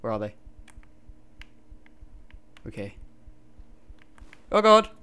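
A man giving live gameplay commentary through a gaming headset, excitable and quick to yelp and laugh in fights. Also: mid-range voice, clean tone. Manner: excitable, frequent yelps and laughs during fights. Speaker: gamer.

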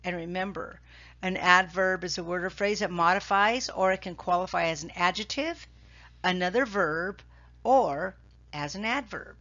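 A woman's voice: on the low side, a bit bright, highs cut off. A woman teacher talking through grammar slides in a recorded lesson, patient and repetitive, checking in with "okay?". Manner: slow, patient, repeats key points with "okay?".

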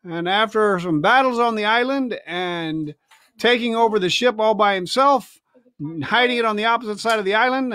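A man reading a novel aloud at home on a livestream, expressive, with chatty asides. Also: high-pitched, no room sound, studio quality. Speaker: reader. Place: family home, indoors.

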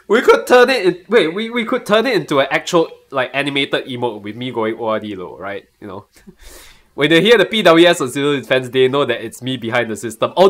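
Laughing frequently, a young Singaporean-accented man talks in an excitable, casual way during a live stream, his voice at a medium pitch.

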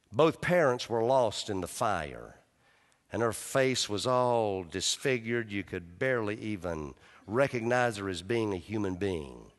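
A man preaching a sermon as pastor, fervent and rising, then dropping to a hushed, slow intimacy. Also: lowish voice. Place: large church sanctuary. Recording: live church hall reverb.

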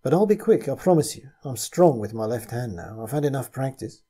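A man's voice: mid-range voice, expressive, a little fast, dark tone, breathy edge. A man voicing a blunt, pragmatic adult man who speaks in a matter-of-fact way.

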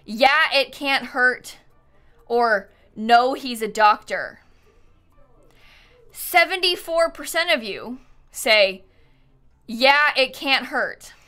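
Over a headset, a young woman streaming a life-sim game from home talks with her viewers in a high, animated voice that is bright and forceful. She draws out her words, leaves long pauses, giggles a lot, and keeps thanking people for subs during the live chat.

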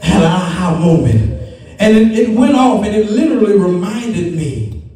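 A male preacher's very high, mellow voice rings out over soft organ music, sliding between speech, song and shouts as he preaches. The mic sits well back, so the sound carries the long echo of a church hall. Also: very animated, moderate pace, recorded from a distance, a little hiss or hum. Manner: preaching with sung, shouted lines and rising refrains. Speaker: guest preacher. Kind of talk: sermon. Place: church sanctuary.

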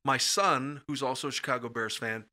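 A middle-aged American man telling personal stories as a podcast guest, animated and acting out quoted voices. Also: medium pitch, normal speed. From USA. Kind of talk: casual storytelling in conversation.

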